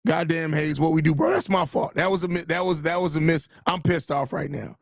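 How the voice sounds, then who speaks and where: Ranting podcast host, gravelly and dry. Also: male voice, on the high side, expressive, fairly quick, no room sound. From Chicago area. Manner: frustrated, profane ranting with repeated phrases. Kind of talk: live podcast reacting to chat.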